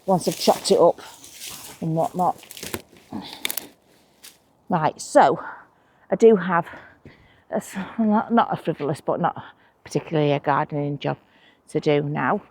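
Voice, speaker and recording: A woman's voice: deep voice, fairly even intonation, unhurried, pauses often, darkish tone, slightly rough. Chatty woman gardening outdoors. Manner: chatty, conspiratorial, self-mocking asides. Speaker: allotment vlogger. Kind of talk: casual chat while gardening.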